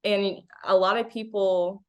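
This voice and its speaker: A woman's voice: medium pitch, fairly even intonation, a little slow. Woman host asking questions casually. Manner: warm and encouraging, frequent "you know". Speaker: interview host. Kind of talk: casual interview.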